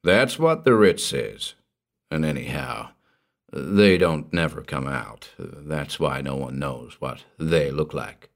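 A man voicing a superstitious old backwoods hermit, in a slow rustic drawl that keeps dropping to a hushed, ominous tone. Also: a bass voice, animated, gravelly, pitched below the performer's own voice, full character voice.

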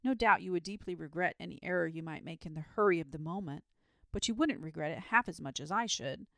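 A courteous, self-satisfied storybook dragon who would rather chat than fight, as a woman reading aloud puts him on. The voice is low-pitched and gravelly, with prim, old-fashioned politeness and a touch of fussiness. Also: fast, a bit bright, no echo, studio quality. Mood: testy. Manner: genteel, self-assured, mildly fussy. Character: polite, fussy, lazy male dragon.

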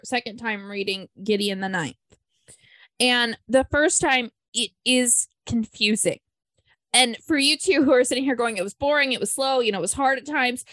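A woman's voice: mid-range voice, fairly bright tone, dry recording. A woman hosting a book club podcast, chatting enthusiastically with lots of fillers. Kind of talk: casual book discussion.

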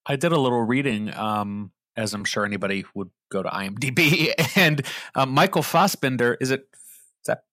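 A man's voice: mid-range voice, expressive, normal speed, bright, forceful tone, no room sound, clean studio sound. Chatty podcast man from Pittsburgh. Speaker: podcast co-host. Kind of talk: casual movie discussion.

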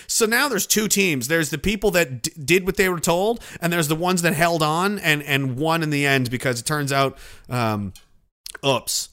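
Man, profane ranting commentary, sarcastic, indignant, high voice, bright. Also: normal speed.

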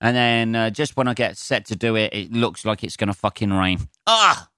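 A man's voice: fairly low pitch, steady tone, fairly quick, fairly bright tone, smooth, no echo, studio quality. A man from England, a comedian, rambling through a casual solo podcast, swearing freely and poking fun at himself. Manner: sweary, rambling, self-mocking.

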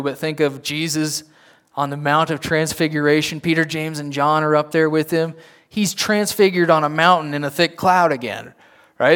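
A man preaching a sermon in a conversational style, often checking in with the listeners with quick asides. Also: fairly high pitch, a bit bright, smooth. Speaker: pastor.

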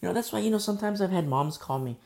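A man preaching a sermon as pastor, blunt and emphatic, with quick asides to the congregation. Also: sits high, lively intonation, gravelly, darkish tone.

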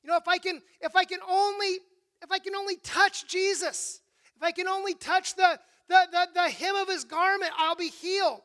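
A desperate, ailing woman pleads for healing, her voice high and stammering as it rises toward a shout. A preacher acts her out in the middle of a sermon. Her tone is sharp and bright. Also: steady tone, moderate pace.

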